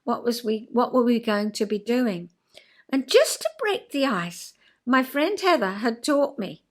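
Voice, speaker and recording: A woman's voice: on the high side, very animated, measured pace. An older woman, a former counsellor, telling a rambling, self-deprecating story in casual vlog chat. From England.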